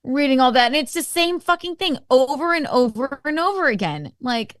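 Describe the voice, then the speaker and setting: A woman's voice: sits high, expressive, normal speed, no room sound, studio quality. A woman guest on a casual talk show, talking in an exasperated, emphatic way and swearing freely. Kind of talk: casual podcast chat.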